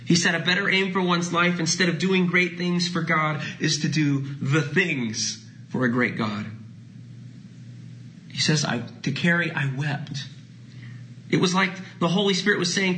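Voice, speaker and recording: A pastor preaching a sermon, swinging between lively emphasis and soft, drawn-out phrases. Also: male voice, fairly high pitch, slight background noise, poor audio. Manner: dynamic preaching, drops to soft hushed phrases.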